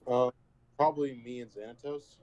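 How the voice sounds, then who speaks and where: A man's voice: medium pitch, steady tone, moderate pace, darkish tone, no room sound, highs cut off. A man playing a tabletop game, chiming in briefly with short questions. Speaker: player. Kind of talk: casual tabletop chat.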